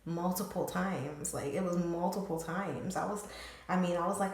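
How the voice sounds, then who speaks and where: A woman's voice: lowish voice, moderate pace. A young woman telling a storytime vlog story in casual slang, swearing freely and packing her talk with "like". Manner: slangy, profane, animated retelling with lots of "like". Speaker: storytime vlogger. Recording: very echoey room, faint noise.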